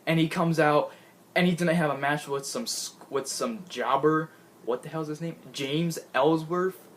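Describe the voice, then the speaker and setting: A man giving an excitable, gushing casual recap of a show he watched, laughing often and restarting his sentences. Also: a little high, moderate pace, slight background noise. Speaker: wrestling fan recapping a show.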